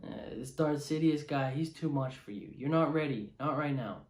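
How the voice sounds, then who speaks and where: Ancient little alien Jedi master, hushed and matter-of-fact - a man voices it, echoey room. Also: on the high side, moderate pace, lightly acted. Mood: grave.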